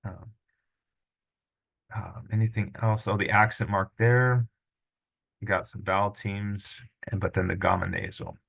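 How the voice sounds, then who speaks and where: A man's voice: on the low side, a little slow, vocal fry, long pauses, a bit bright. A middle-aged man teaching a language lesson, patiently sounding out syllables and correcting himself as he goes. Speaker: Greek teacher. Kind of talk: screen-recorded lesson.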